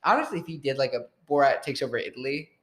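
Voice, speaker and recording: A man's voice: mid-range voice, expressive, fast. A man co-hosting a casual podcast, jokey and playful, laughing often and now and then making goofy noises, talking into a mic on a stand. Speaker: podcast co-host. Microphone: tabletop mic on a stand.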